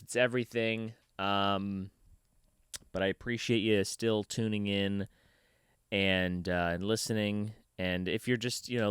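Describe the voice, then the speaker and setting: A man's voice: clear, resonant tone, no echo, clean studio sound. A young man hosting his own podcast, ranting casually with lots of swearing, recorded in a basement. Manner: profane, ranting, swings from heated to low and mumbled. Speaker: podcast host. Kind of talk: casual solo podcast rant.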